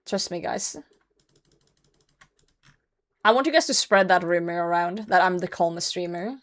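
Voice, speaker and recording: A woman's voice: on the low side, unhurried. A young woman streaming a game, chatting casually with viewers, blunt and self-mocking, laughing often and swearing when frustrated. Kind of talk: casual live game commentary.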